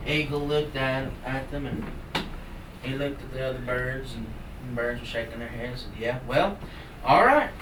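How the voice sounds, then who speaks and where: A man from the Cherokee Nation telling a traditional story to a live audience in a folksy, animated way with playful sound effects. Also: mid-range voice, moderate pace. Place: live salon event. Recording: roomy hall from far off. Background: audience laughter and room noise.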